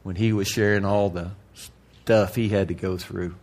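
A man preaching to a congregation in a candid, folksy way, dropping to a hush and then rising to loud emphasis. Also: deep voice, steady tone, a little slow. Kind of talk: sermon.

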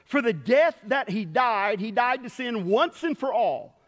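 High-voiced preacher in a reverberant hall. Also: male voice, lively intonation, measured pace. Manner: folksy, storytelling with quoted voices. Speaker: pastor. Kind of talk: sermon.

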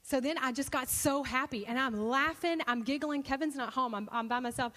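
Woman preacher, higher voice, lively storytelling sermon, long hall reverb. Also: brisk, few pauses. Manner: animated, expressive storytelling with bursts of excitement.

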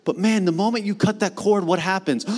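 Male pastor, 30s, high-pitched; casual, animated sermon delivery with slangy asides. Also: fairly quick.

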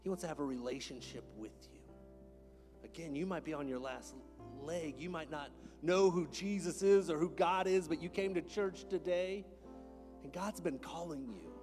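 A man preaching a sermon as a pastor in a church, moving between hushed whispers and loud, impassioned calls. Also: a little high, normal speed, music in the background. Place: church sanctuary.

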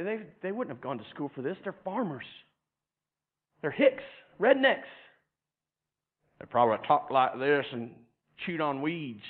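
Animated male preacher, tinny sound. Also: high voice. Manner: animated, repeats words, acts out voices with humor. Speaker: pastor. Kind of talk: sermon.

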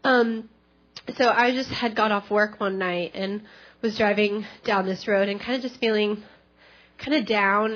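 A young woman giving a personal testimony in church, chatty and animated, with many fillers. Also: mid-range voice. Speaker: church member sharing a testimony. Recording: dull lo-fi church recording.

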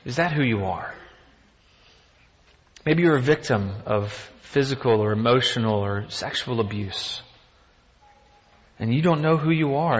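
A man's voice: mid-range voice, fairly bright tone. A man giving a sermon in a conversational manner, piling up rhetorical questions and throwing in self-deprecating asides. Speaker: pastor. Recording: dull sound with long reverb from a hall.

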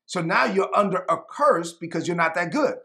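A middle-aged man preaching a sermon, emphatic, slowing down to repeat key lines for emphasis. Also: high voice, animated, vocal fry, pushed and bright. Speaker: pastor.

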